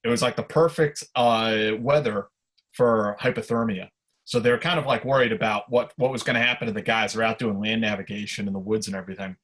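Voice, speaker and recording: A man's voice: on the low side, fairly quick. A man appearing as a podcast guest, telling an anecdote in an easygoing, chatty way. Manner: relaxed anecdotal telling with fillers. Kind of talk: casual storytelling.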